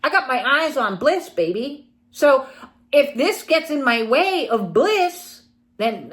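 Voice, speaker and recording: A woman's voice: high-pitched, unhurried. A middle-aged woman spiritual coach talking casually, acting out little scenes and quoted voices as she teaches. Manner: animated, acts out quoted people.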